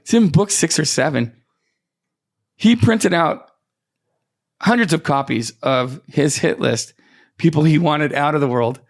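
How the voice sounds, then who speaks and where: A man's voice: a little high, expressive, unhurried, pauses often. A man, a podcast guest, telling rambling anecdotes in casual chat, full of fillers and restarts. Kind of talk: casual storytelling.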